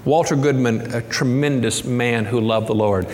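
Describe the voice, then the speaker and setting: A man's voice: mid-range voice, normal speed, darkish tone, a little hiss or hum. Male pastor, middle-aged, earnest sermon, reverberant church hall, faint room ambience. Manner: earnest, builds to impassioned raised delivery. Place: church sanctuary.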